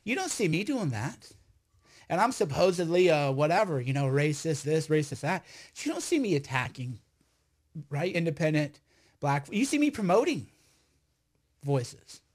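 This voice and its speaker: A man, an online commentator, telling stories in a loud, rambling, emphatic monologue full of restarts. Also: fairly high pitch, lively intonation, moderate pace, long pauses. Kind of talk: casual storytelling monologue.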